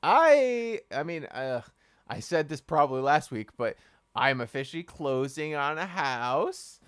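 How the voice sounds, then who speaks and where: A man co-hosting a casual podcast, joking in a deadpan way and often breaking into laughter. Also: fairly high pitch, unhurried, clean tone, no room sound, clean studio sound. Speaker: podcast co-host.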